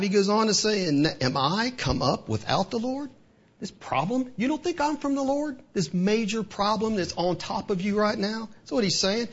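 Male preacher with a husky voice, mid-sermon, firing rhetorical questions, captured on a muffled recording. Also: high-pitched. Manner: rhetorical questions, voices the devil's taunts, lively delivery. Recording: dull lo-fi recording.

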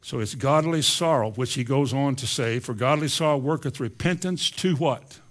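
A pastor preaching a sermon, moving from low, quiet asides to loud, impassioned appeals and spelling out Greek words letter by letter. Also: male voice, moderate pace.

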